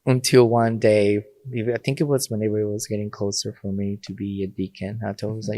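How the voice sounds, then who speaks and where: A man's voice: fairly low pitch, little pitch movement, quick pace, few pauses, warm tone, dry recording. A man, a Catholic priest and podcast guest, telling stories in casual conversation, laughing often and acting out quoted lines.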